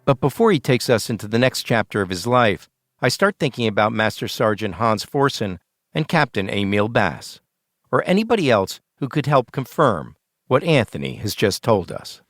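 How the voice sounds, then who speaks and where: A man hosting and narrating a documentary podcast in a measured, plain storytelling voice. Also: mid-range voice, big pitch swings, dry recording, studio quality.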